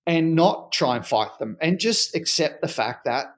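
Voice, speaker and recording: Animated middle-aged man storytelling. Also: a little high, a little slow. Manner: animated storyteller who acts out dialogue. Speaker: podcast guest, performance researcher. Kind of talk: conversational podcast interview.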